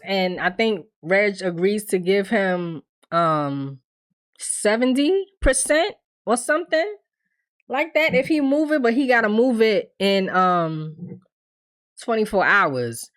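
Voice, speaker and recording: A woman's voice: lowish voice, animated, measured pace. A woman hosting a casual TV episode recap, blunt and profane, acting out the characters' lines as she tells the story. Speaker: TV recap host.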